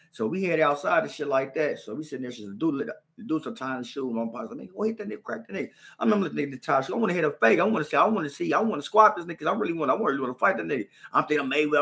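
A young man hosting a podcast, telling a story in casual chat, animated and slang-heavy, acting out punches with sound effects. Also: on the high side, vocal fry. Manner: slang-heavy, repeats "you know what I'm saying". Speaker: podcast host.

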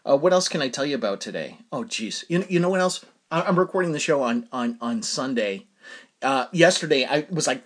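A man hosting his own podcast, telling a casual solo story in a chatty, self-deprecating way and laughing often. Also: mid-range voice. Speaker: podcast host.

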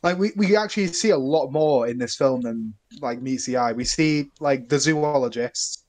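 A young man, a filmmaker guest on a podcast, rambling and animated in casual film talk, laughing often. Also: medium pitch, moderate pace. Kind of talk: casual film review chat.

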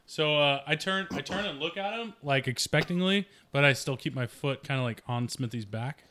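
Man, tabletop player, bright voice, slightly high, joking manner. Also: moderate pace. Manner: joking, laid-back. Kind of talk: casual tabletop play.

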